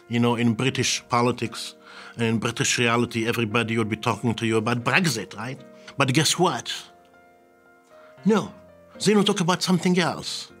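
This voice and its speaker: A man from Israel, a journalist and writer telling stories in an animated, theatrical way, repeating words as he goes. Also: mid-range voice. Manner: theatrical, acts out quoted voices, repeats himself. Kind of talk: animated storytelling talk.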